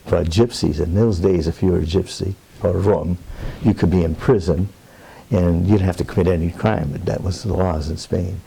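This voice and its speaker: The older man, a Roma advocate, speaks plainly and earnestly in an interview about a personal story, with digressions along the way. His low voice is gravelly and husky, dark in tone.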